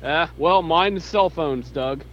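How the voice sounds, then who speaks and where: Man, podcast co-host, blunt casual talk, fairly high voice, muffled lo-fi sound. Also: measured pace. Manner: blunt, matter-of-fact, agreeable. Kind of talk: casual chat. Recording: dull lo-fi line with faint noise.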